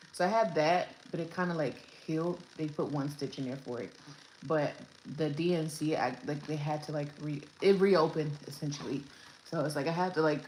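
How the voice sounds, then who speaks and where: A woman's voice: sits low, a little mellow. A young woman, a new mother, chatting casually through her birth story, rambling with lots of fillers and restarts, at home with her baby. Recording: echoey room, faint background noise.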